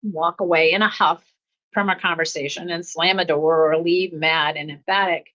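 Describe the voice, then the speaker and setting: A woman hosting a self-help podcast, talking calmly about pausing before reacting, with steady, repeating coaching phrases and soft laughs. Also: fairly low pitch, highs cut off. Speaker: podcast host. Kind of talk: reflective self-help talk.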